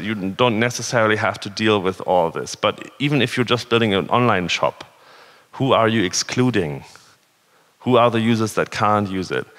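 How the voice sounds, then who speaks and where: In a reverberant conference hall, a man from northern Germany gives a conversational, earnest talk peppered with rhetorical questions. His voice is fairly low in pitch with a slight brightness.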